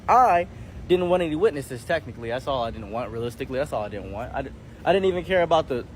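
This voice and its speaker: A man telling a comedic story with animated, jokey delivery, acting out the dialogue. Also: medium pitch, a little hiss or hum. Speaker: storytime YouTuber.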